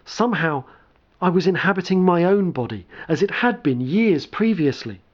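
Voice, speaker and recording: A man reads a first-person story aloud in a measured, dramatic way. His voice sits a little high for a man, and the recording is muffled and lo-fi. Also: expressive. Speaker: narrator. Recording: dull lo-fi recording.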